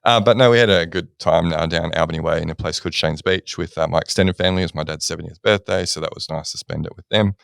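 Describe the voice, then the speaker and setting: Fast, gravelly Australian man, low voice. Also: a bit bright, dry recording, clean studio sound. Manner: joking, easygoing, many fillers. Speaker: podcast host. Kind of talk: casual podcast chat.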